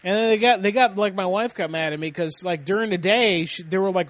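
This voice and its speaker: A man's voice: high voice, a little fast, no echo. A man co-hosting a casual, profane chat show, telling stories and acting out quotes. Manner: animated storytelling, swears a lot, acts out quotes. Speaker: podcast co-host.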